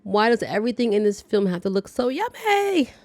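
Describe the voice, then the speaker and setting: A woman's voice: medium pitch, sing-song, brisk, a little mellow, no echo. A woman hosting a casual movie recap, chatty, with playful asides and reactions to the story. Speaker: movie review host.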